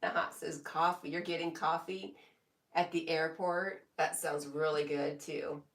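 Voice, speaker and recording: Woman streamer, low-voiced, relaxed and giggly, echoey room, slightly off mic. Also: distant mic. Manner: slow, relaxed, laughs often between comments. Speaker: live streamer. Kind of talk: casual live stream chat, reading comments aloud.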